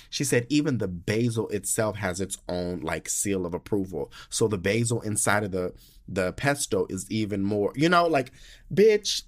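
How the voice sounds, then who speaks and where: A young American man recapping his trip in a casual monologue, sassy and animated, swearing often and gushing with drawn-out words. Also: on the low side. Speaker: podcast host.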